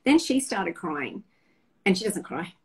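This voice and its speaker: A middle-aged woman appears as a guest, openly telling personal stories with candor and emotion and often restarting her sentences. Her voice is on the low side and sing-song, measured in pace, captured on a rough recording.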